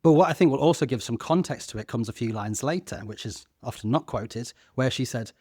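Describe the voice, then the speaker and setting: A man in his thirties co-hosts a podcast in casual discussion, speaking earnestly with a few stammered restarts. His mid-range voice is mellow and brisk, with few pauses, in a studio-quality recording without echo.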